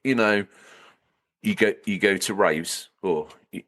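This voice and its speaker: A man's voice: deep voice, unhurried, fairly bright tone. A man co-hosting a podcast, chatting casually and riffing on absurd comic scenarios. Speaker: podcast co-host. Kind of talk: casual chat.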